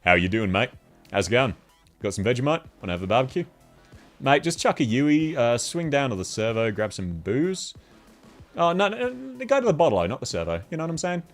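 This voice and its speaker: A man's voice: medium pitch, sing-song, fairly quick, soft background music. A man putting on an exaggerated, drawling, slang-heavy Australian bloke with a thick Australian accent, matey and laid-back.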